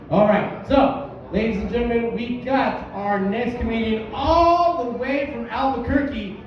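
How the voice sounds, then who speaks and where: A man hosting a bar comedy night, joking loudly with the crowd as he introduces comics. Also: very high-pitched, highs cut off. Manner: loud, joking crowd work. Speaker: comedy show host. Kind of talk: stand-up emcee banter. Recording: echoey distant room recording with crowd.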